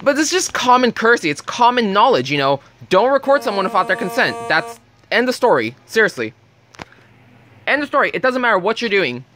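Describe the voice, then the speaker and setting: A man's voice: sits high, very animated, a little fast, sharp tone. A young man telling a heated story in a casual vlog rant, blunt and swearing freely. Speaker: vlogger.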